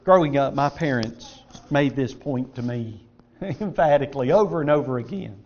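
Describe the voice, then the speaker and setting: A middle-aged man preaching an emphatic, earnest sermon, reading scripture aloud. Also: on the high side. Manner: earnest, emphatic preaching with varied loudness and pace. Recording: dull lo-fi sound.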